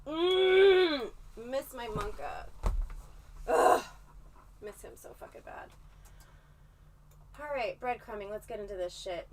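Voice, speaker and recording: A woman's voice: fairly high pitch, takes it slowly, pauses often, distant mic, slight background noise. A woman livestreaming in a casual chat, rambling and swearing freely as she tells her story. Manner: profane, rambling, animated storytelling.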